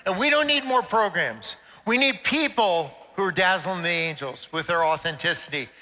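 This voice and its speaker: Older man, very high bright voice, playful joking conference speaker, long hall reverb. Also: animated, moderate pace. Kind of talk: inspirational conference talk. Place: conference stage in a large hall.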